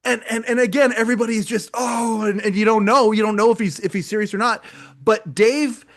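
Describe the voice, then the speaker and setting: A man's voice: high voice, steady tone, brisk, fairly bright tone. A man co-hosting a podcast, retelling a live show in casual chat, rambling and repeating words as he goes. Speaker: podcast co-host.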